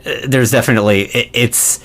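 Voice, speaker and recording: A man's voice: medium pitch, fairly even intonation, a little fast, fairly bright tone. An American man co-hosting a casual podcast, talking in a hesitant way and laughing easily. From United States. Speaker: podcast co-host.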